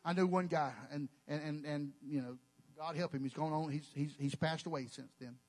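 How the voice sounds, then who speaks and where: A man's voice: on the high side, steady tone, moderate pace, darkish tone, long reverb tail. A male pastor, preaching emphatically with folksy, joking asides. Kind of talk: sermon.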